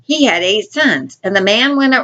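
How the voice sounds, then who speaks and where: A woman's voice: medium pitch, animated, moderate pace, fairly bright tone, lo-fi sound. A woman teaching a Bible lesson for children in an informal way, often repeating and restarting her words.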